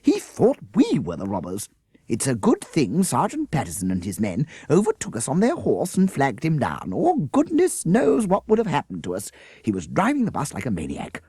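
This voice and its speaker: A man's voice: mid-range voice, wildly swooping pitch, moderate pace, dark tone, breathy edge, no echo, clean studio sound, voice pushed up, exaggerated voice. A man voicing a fussy, flustered schoolteacher woman who talks breathlessly and primly. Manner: breathless, cold and prim.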